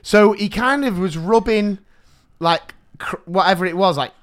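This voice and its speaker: A man's voice: sits high, normal speed. A man, a podcast co-host telling funny stories in casual chat, laughing often.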